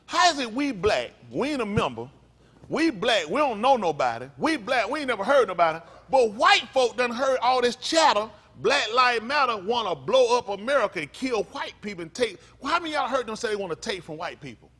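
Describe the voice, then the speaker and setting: A fiery man preaching to his congregation in a high, lively voice that leaps all over its range. He talks in loose slang, drops to low mutters, then bursts out loud and fires rhetorical questions at the crowd. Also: fairly quick, slightly rough. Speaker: pastor. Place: congregation meeting room.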